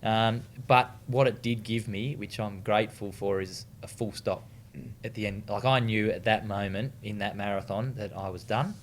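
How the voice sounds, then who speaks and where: A man's voice: fairly low pitch, steady tone, moderate pace, hardly any pauses, a little hiss or hum. A man with an Australian accent telling stories in a casual interview, laid-back, swearing freely, with many fillers and restarts. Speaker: interview guest, retired distance runner.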